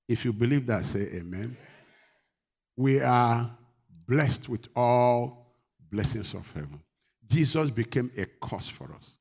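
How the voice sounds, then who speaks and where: A middle-aged man preaching a sermon, moving from quiet talk to loud rebuke. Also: medium pitch, slightly rough. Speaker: pastor.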